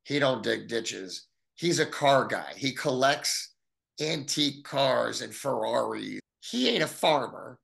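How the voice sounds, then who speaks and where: Middle-aged man, gravelly and bright, animated storyteller who voices the people in his tale. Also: slow. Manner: animated, acts out quoted voices with big pitch jumps. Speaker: guest telling his story. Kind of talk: storytelling in an interview.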